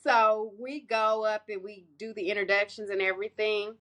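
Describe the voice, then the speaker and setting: Young woman, bright voice, animated storytelling, laughs a lot. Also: normal speed. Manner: animated, laughs often, voice jumps high for quoted people. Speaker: podcast co-host. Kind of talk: casual storytelling chat.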